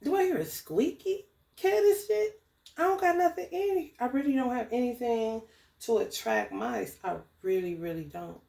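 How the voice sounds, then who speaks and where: Profane animated woman in an echoey room. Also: a little high, normal speed, gravelly. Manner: profane, animated, laughing outbursts. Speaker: spiritual tarot reader. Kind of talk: casual spiritual vlog rant.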